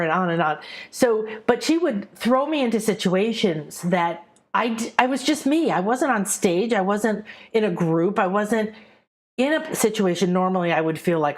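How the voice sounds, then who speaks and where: A middle-aged woman, a spiritual teacher, giving a chatty, animated spiritual talk to a live audience and acting out quoted voices. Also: on the low side, fairly quick.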